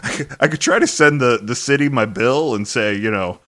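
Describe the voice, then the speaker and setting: A man's voice: medium pitch, moderate pace, sharp tone. Podcast co-host, male, rambling casual storyteller, loose and filler-heavy delivery. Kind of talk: casual anecdote telling.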